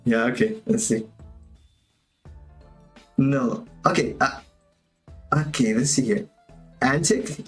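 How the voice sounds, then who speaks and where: A man teaching animation on a livestream, chatting casually and talking to himself as he works. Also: mid-range voice. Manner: casual, chatty, talks to himself while working. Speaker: animation instructor. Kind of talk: livestream tutorial commentary.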